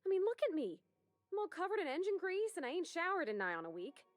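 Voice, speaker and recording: A woman's voice: very high voice, very animated, quick pace, faint music behind. An actress playing a shy young female starship engineer, speaking hesitantly and self-consciously in a video game. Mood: bashful.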